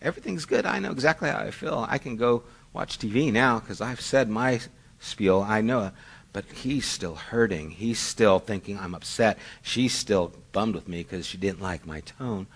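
Husky and a bit bright, this middle-aged pastor's lowish voice moves at a moderate pace. His sermon is told conversationally as a story, and he often pokes fun at himself.

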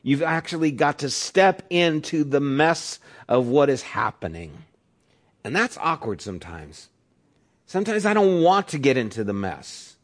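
Casting note: middle-aged male pastor, mid-pitched voice, relaxed storytelling sermon delivery. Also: unhurried. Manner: conversational storytelling, acts out quotes in raised voice.

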